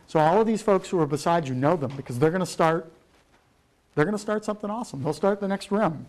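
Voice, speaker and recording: A man's voice: on the high side, quick pace, a little mellow. A middle-aged man giving a keynote, rambling with lots of fillers and the odd swear word. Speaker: keynote speaker. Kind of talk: rambling conference talk.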